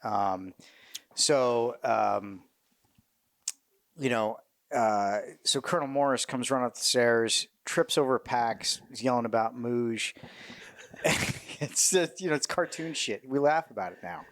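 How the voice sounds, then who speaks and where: A middle-aged man, a military veteran, telling war stories in a casual interview, cursing freely, animated and laughing as he goes. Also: mid-range voice, a little slow, dry recording. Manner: profane, animated, laughs mid-story.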